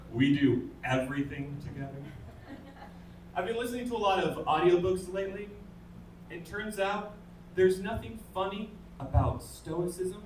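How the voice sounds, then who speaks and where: A man's voice: sits high, a bit bright, slight background noise. A man, doing a stand-up comedy set with dry, self-deprecating punchlines. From England. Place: comedy club stage. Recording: roomy club sound from a distance. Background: audience laughter.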